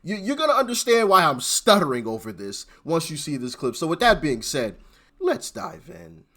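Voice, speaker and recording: A male host delivering political commentary with a lively, bouncing pitch. His voice sits somewhat high for a man. He is emphatic and trips over repeated words as he pushes his point. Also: moderate pace.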